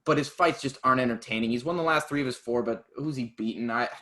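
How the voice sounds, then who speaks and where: Male podcast co-host, casual chat, easygoing and quick to laugh. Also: mid-range voice, sharp tone. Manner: chatty, laughs easily, trails off with fillers. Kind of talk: casual chat about MMA.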